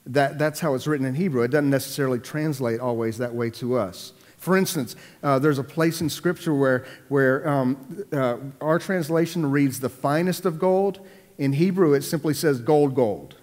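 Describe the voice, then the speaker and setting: A man preaching a sermon, repeating words for emphasis and swinging between loud, raised lines and hushed ones. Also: medium pitch, normal speed, long reverb tail. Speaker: pastor.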